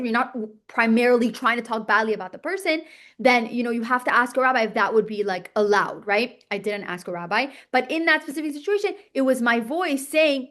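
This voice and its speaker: A woman teaching a class in a bright, chatty manner, her voice sitting a little high. She keeps checking in with her listeners, asking "okay?" and "right?", and rushes through restarts as she explains. She acts out inner voices to make her points. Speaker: teacher of a religious text class. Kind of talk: classroom lesson.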